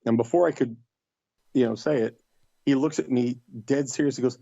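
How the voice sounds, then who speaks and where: In a gravelly mid-range voice at normal speed, a middle-aged man tells a story casually as a podcast guest. His delivery is animated, and he performs others' quoted lines in livelier voices. The sound is dry with the highs cut off.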